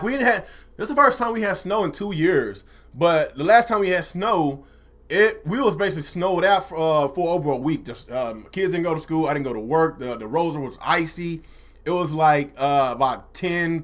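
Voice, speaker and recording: High-voiced man ranting heatedly. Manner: profane, loud, repeats himself. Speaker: gaming livestreamer. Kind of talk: heated live-stream rant.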